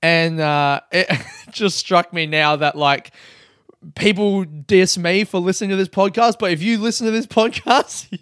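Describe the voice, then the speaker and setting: A man's voice: high voice, a little slow, a bit bright, smooth, dry recording, studio quality. A young man hosting a solo podcast, rambling casually, swearing and laughing at himself. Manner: casual, swearing, laughing asides, self-mocking. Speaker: podcast host. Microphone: close podcast mic.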